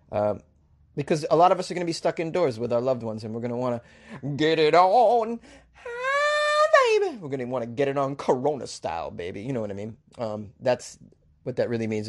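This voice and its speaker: A man's voice: lowish voice, darkish tone. A man hosting a talk show, riffing jokingly on news stories, rambling and stumbling over hard names. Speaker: show host.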